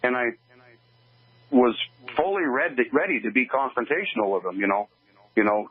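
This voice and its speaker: An older man from Oregon, a guest in an interview, giving an earnest, halting personal account with many restarts. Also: mid-range voice, expressive, breathy edge, no echo. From Oregon, USA. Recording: tinny phone-line call.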